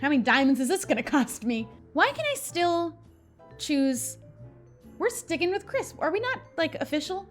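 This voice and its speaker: High bubbly woman playing a story game. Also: big pitch swings, moderate pace, faint music behind. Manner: bubbly, jokey, laughs often. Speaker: gaming video host. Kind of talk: story game playthrough commentary.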